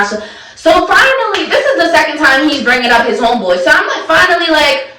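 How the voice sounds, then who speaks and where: Young woman, casual storytime, animated and slangy, high-pitched, roomy echo. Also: fairly quick, recorded from a distance, a little hiss or hum. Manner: animated, slangy, acts out her own lines in the story. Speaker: vlogger telling a personal story. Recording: echoey room, voice away from mic.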